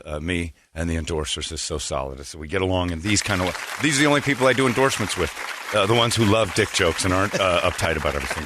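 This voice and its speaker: Low, fast-talking male radio host. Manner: rambling storytelling with crude jokes. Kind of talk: casual morning radio banter.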